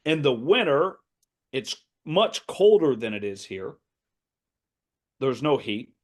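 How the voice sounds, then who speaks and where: A man in his thirties, an assistant basketball coach, telling stories in a casual podcast interview with lively, acted-out quotes and frequent laughs. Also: medium pitch, slow. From United States. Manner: animated anecdote-telling, acting out quoted voices, laughs often.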